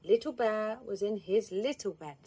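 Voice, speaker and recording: A woman, reading a children's storybook aloud in an expressive, lively way. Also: mid-range voice, moderate pace, a little hiss or hum.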